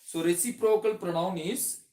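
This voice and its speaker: A man's voice: sits high, fairly even intonation, dark tone. Man teaching grammar, echoey room. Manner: explains slowly with many "so" openers and restarts, stretches example words. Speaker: English teacher. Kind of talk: classroom grammar lesson.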